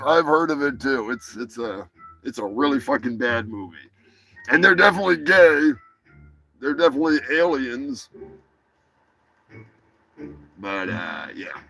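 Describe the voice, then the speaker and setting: A man's voice: mid-range voice, gravelly, pushed and bright, low-quality recording. A man hosting a live stream, chatting casually in a rambling, profane way. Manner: rambling, profane, restarts with laughter. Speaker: host. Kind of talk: casual livestream chat.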